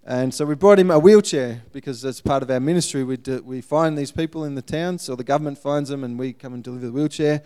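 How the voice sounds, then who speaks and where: A man giving a guest sermon, telling a missionary story in a lively way and acting out the people in it. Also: medium pitch, quick pace, hardly any pauses, clear, resonant tone.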